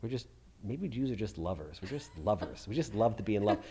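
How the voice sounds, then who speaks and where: A man's voice: on the low side, expressive, a little fast, warm tone, husky. A middle-aged man hosting a podcast, chatting casually with blunt, opinionated remarks and free swearing. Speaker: podcast host. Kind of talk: casual chat.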